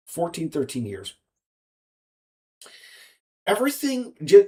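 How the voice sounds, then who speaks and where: This medium-pitched, slightly mellow voice belongs to an American indie game developer. Talking solo, he meanders through his thoughts, repeatedly stopping, restarting, and filling gaps.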